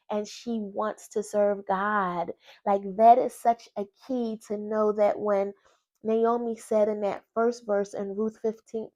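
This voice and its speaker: A woman vlogger talking through a Bible story in a chatty, folksy way, with quick asides and laughs, into a personal microphone. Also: medium pitch, darkish tone. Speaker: faith vlogger. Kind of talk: casual Bible study chat.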